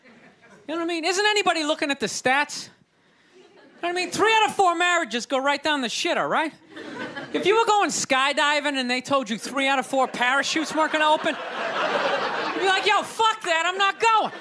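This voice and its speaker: Male stand-up comic, high-pitched profane ranter, live room with crowd and hiss. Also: expressive, fairly quick, pauses often. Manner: profane, ranting, sarcastic. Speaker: stand-up comedian. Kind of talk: stand-up comedy set. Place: comedy venue with live audience.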